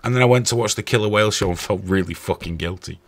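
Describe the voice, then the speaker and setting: A man hosting a podcast, telling stories in a profane, animated way. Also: fairly low pitch, fast, noisy background. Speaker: podcast host. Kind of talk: casual chat.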